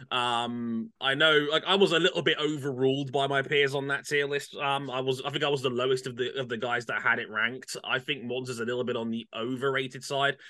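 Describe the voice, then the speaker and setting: Male podcast host with a bright, forceful voice; chatty and easygoing, laughs a lot. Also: mid-range voice. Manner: chatty, laughs often, many fillers. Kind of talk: casual panel chat.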